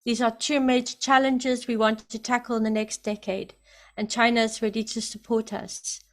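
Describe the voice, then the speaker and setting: A woman giving emphatic, excited spoken commentary, often repeating herself for emphasis. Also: on the high side, moderate pace. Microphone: computer mic, camera off.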